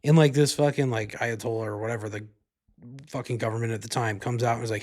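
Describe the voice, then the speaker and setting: A man's voice: medium pitch, steady tone, quick pace, a little mellow. A man hosting a podcast, giving a casual movie review in a rambling, profane way, full of "like" and "you know". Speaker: podcast host.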